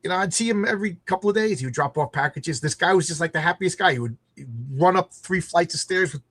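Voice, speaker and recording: He's a fast-talking, high-pitched middle-aged man hosting a laid-back podcast chat, recorded without room sound. As an animated storyteller, he acts out the quoted lines.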